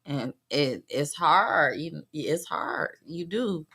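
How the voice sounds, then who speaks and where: A woman guest on a talk show, speaking in a slow, halting, grieving way. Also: low voice, animated, fairly bright tone, slightly rough. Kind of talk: casual talk show chat.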